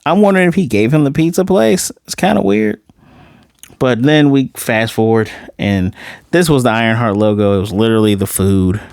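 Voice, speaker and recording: A man's voice: mid-range voice, moderate pace, darkish tone, smooth, no room sound, clean studio sound. A man casually recapping and reviewing a TV episode, slangy and profane, acting out the characters' lines as he retells scenes. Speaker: TV series reviewer.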